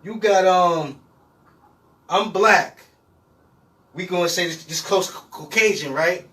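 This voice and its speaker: A man's voice: high-pitched, slow pace, fairly bright tone, recorded from a distance, low-quality recording. A man guest on a casual podcast, explaining his point in an emphatic, repetitive way.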